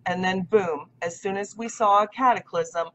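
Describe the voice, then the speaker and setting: A woman's voice: medium pitch, normal speed, fairly bright tone. A woman in her thirties talking to camera in a casual vlog monologue, emphatic and insistent, often repeating her points. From United States. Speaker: vlogger. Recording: dull lo-fi audio.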